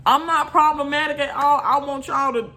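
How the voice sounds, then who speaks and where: A woman's voice: high voice, steady tone, normal speed, sharp tone. A woman vlogger, venting bluntly and repeating herself in an exasperated rant to her viewers.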